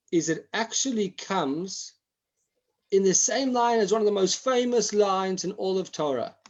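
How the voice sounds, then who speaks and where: A man teaching a Torah class online, acting out examples and often restarting his sentences. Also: high-pitched.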